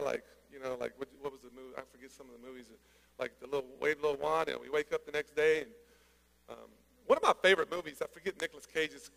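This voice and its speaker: A man preaching a sermon, energetic and conversational, with joking asides. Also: medium pitch, quick pace, vocal fry. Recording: long hall reverb.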